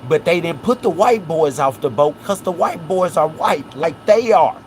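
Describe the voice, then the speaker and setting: At a normal speed and in a slightly high voice, a Memphis man hosts a casual livestream where he breaks down a case. He's animated, repeatedly checking in with "right?" and "watch this," over a little hiss or hum.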